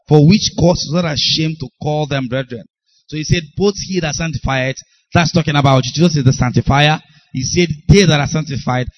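A man's voice: a little high, a little mellow, highs cut off. A man preaching a sermon, emphatic and repetitive, often calling out to his congregation. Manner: emphatic, repeats phrases, calls out to congregation.

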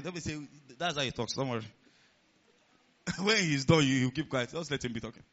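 A man preaching a sermon as pastor of a church, animated and rising to near-shouts. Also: on the high side. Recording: dull lo-fi sound.

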